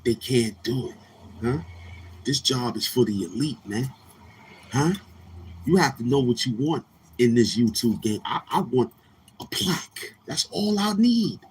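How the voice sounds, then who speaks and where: A man's voice: medium pitch, measured pace, long pauses, slight background noise. A man hosting his own online morning show, boasting and trash-talking rivals in a brash, repetitive rant. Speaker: YouTube show host.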